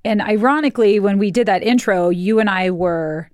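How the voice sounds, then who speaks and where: A woman's voice: mid-range voice, moderate pace, no room sound, studio quality. Chatty, laughing woman co-host. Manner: chatty storyteller, laughs often. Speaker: podcast co-host. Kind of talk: casual chat.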